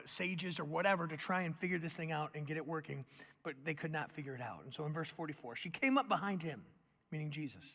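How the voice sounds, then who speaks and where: A young man preaching a sermon, telling the story in a lively, animated way and acting out the voices of its people. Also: a little high. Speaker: pastor. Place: large church hall. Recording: long hall reverb.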